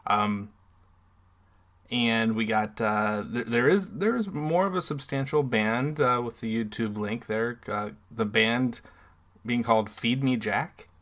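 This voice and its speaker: A man's voice: mid-range voice, slow, a bit bright. A man with a mid-range voice co-hosts a casual podcast chat. He talks hesitantly and repeats his words as he works through a thought. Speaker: podcast co-host.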